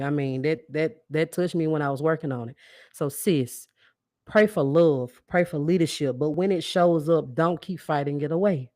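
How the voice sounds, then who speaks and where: A woman's voice: sits low, darkish tone, dry recording, clean studio sound. A woman hosting a podcast, giving a preachy, motivational monologue with call-and-response lines and frequent laughs. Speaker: podcast host.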